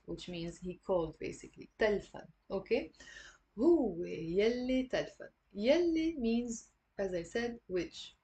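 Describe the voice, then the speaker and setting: Lebanese woman teaching with a mellow voice. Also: medium pitch, a little hiss or hum. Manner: patient, repeats words slowly for learners. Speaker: Arabic dialect teacher. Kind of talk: online language lesson.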